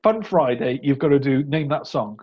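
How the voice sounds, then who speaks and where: A man hosting a casual conversation, animated, often restarting sentences and laughing. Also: mid-range voice, normal speed, lo-fi sound. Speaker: host.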